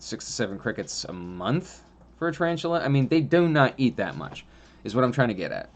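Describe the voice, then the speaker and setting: A man talking casually about caring for pets, rambling with many fillers and restarts and laughing often as he tells stories. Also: on the low side. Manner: chatty storyteller, laughs often. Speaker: vlogger on pet reptile and spider care. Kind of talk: casual monologue.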